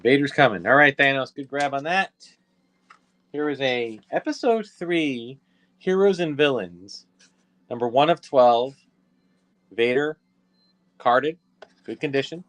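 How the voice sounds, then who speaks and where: A man's voice: mid-range voice, expressive, fairly bright tone. Chatty man running a live toy auction. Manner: chatty, self-correcting, quick asides to viewers. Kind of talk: casual live auction patter.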